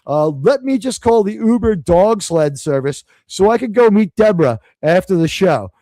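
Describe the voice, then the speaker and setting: A man from New hosts a live stream in a loose, rambling way. He swears freely and turns sarcastic, and his voice sits fairly high for a man. The sound is close and dry, with no room around it. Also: lively intonation, normal speed, warm tone, no room sound. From New York City. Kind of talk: casual live-stream rant.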